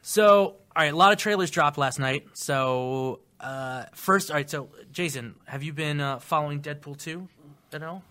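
Bright-voiced laughing podcast host. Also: male voice, on the high side, moderate pace, smooth. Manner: laughs often, animated storytelling. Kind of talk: casual group chat.

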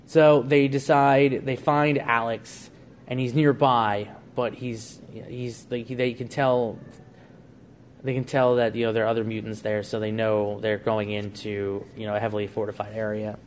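Casual man pitching a story. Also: little pitch movement, unhurried, a little hiss or hum. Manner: rambling storyteller, frequent restarts and "like". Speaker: podcast co-host. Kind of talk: casual podcast chat.

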